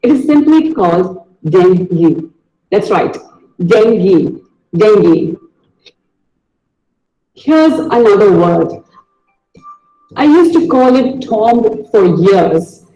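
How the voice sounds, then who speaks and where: A high-pitched man gives a video lesson on pronunciation, speaking slowly and carefully. He repeats each word as a drill, and his voice rings in an echoey room. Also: very animated, mellow, highs cut off, faint music behind. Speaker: pronunciation teacher.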